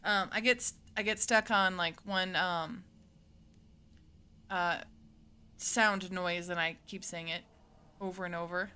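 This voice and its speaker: A woman's voice: fairly low pitch, steady tone, slow, pauses often, sharp tone, clear, resonant tone. An American woman streaming a game, reading a visual novel aloud and chatting in a playful, rambling way between lines. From United States. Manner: playful and rambling, laughs often.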